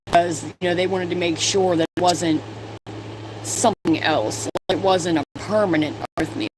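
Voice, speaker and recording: A woman in her twenties vlogs while doing her makeup, telling stories in a chatty, profane way. Her voice is fairly low-pitched at a moderate pace, with steady noise in the background.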